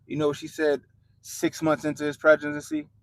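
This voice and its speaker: Young man, gravelly voice, blunt profane slang, livestream rant. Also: on the high side, monotone, fairly quick, a little hiss or hum, rough recording. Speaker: livestream host. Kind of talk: profane political rant to a live chat.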